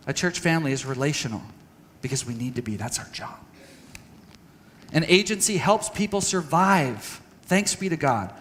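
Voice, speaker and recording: A man giving an earnest, halting talk to a church audience, telling a personal story and acting out conversations. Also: a little high, expressive, fairly bright tone, in a large hall, a little hiss or hum. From United States. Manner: earnest, halting with restarts, acts out dialogue. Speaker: speaker at a church training session. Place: church hall.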